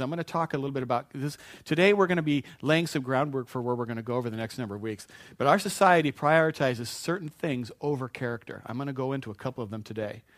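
A man's voice: medium pitch, a bit bright, dry recording, clean studio sound. A man preaching a conversational sermon as pastor, folksy and anecdotal, often restarting his sentences.

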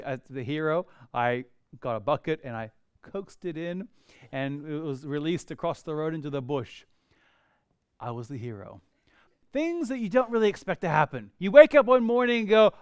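A middle-aged man preaching a sermon, telling stories in an animated way with humorous asides. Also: on the high side, clear, resonant tone, no room sound, studio quality. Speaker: pastor.

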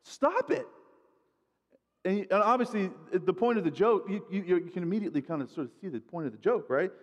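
Male preacher, slightly high voice, chatty delivery, long church-hall echo. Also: fast talker, lo-fi sound. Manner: conversational, repeats words while building points. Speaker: guest preacher. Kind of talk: sermon.

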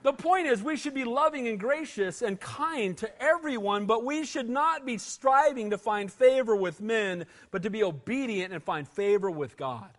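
Male pastor, sermon, fairly high voice, chatty and emphatic. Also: expressive, moderate pace, few pauses. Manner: conversational, emphatic, repeated call of "Amen?".

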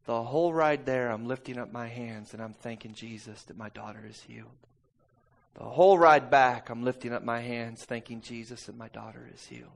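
A man preaching a sermon and telling a personal story, swinging between soft, intimate passages and loud, urgent ones. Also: medium pitch, brisk, gravelly.

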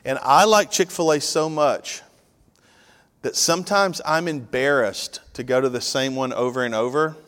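A man's voice: medium pitch, normal speed, fairly bright tone, smooth. Guy preaching, casual and jokey w the congregation, long echo like a big church hall. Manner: conversational, joking with congregation. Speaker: pastor. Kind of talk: sermon.

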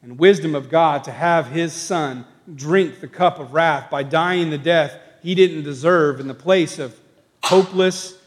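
A fairly high-voiced male pastor preaching in a church, his words ringing with long reverb off the walls. He swings between hushed, thoughtful passages and raised, emphatic proclamations. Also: a little slow. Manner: builds from quiet reflection to raised emphatic declarations. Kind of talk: sermon. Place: church sanctuary.

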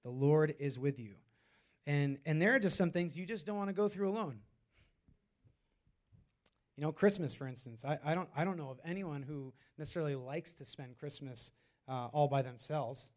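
A man's voice: on the high side, moderate pace. A man preaching a sermon in a loose, conversational way, with many fillers and restarts. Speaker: pastor.

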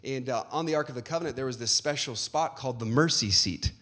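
A man's voice: mid-range voice, fast, a bit bright. A middle-aged man preaching a sermon as pastor, emphatic and building to passionate peaks.

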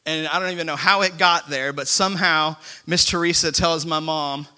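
A man's voice: a little high, steady tone, moderate pace, bright, forceful tone, clear, resonant tone. A man preaching a sermon to a congregation in a church, talking in a conversational, self-deprecating storytelling way. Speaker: pastor. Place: church sanctuary before a congregation.

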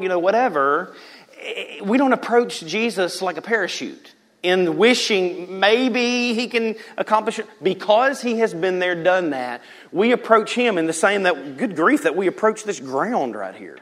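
A pastor preaching a sermon in a church, swinging from loud emphasis to hushed near-whispers and acting out quotes. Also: male voice, sits high, animated, unhurried. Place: church sanctuary.

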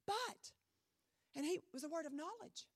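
A woman pastor preaching a sermon in a church, emphatic with dramatic pauses, her voice a little strained. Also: extremely high pitch, animated, no echo. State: voice trouble, slightly strained.

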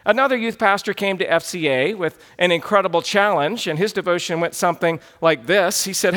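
A man in his thirties, a pastor telling stories in an animated sermon. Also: high voice, a little fast, few pauses. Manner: animated, quotes others in put-on voices. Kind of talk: sermon storytelling.

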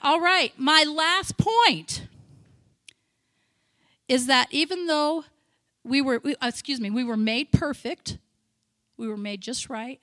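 A woman missionary giving a sermon, telling stories with feeling, breaking into shouted praise and chatty asides. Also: high-pitched, takes it slowly, pauses often, no echo, clean studio sound. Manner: emotional storytelling, bursts into loud shouted praise; chatty, self-interrupting asides. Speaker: missionary speaker.

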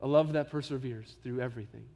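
A man's voice: medium pitch, fast talker, creaky, mellow, big-room sound. A man preaching a sermon as pastor. He speaks earnestly and emphatically and addresses the congregation with rhetorical questions.

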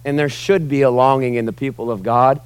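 A man in his forties preaching a sermon as pastor, animated, acting out groans and questioning the congregation. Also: mid-range voice, fairly quick, clear, resonant tone. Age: 40s.

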